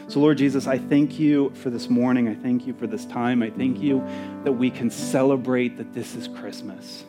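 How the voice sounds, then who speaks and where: A male pastor preaching a sermon, sometimes singing hymn lines, excitable and then softening into prayer. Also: medium pitch. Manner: exuberant, rising to near-shouts of joy; lapses into soft, intimate prayer.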